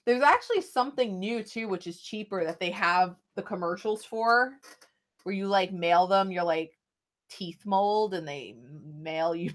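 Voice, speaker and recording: A young adult woman vlogging, talking casually and rambling to a phone camera she holds at arm's length. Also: mid-range voice. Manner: rambling, chatty, with frequent "like" and sighs. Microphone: phone camera held at arm's length.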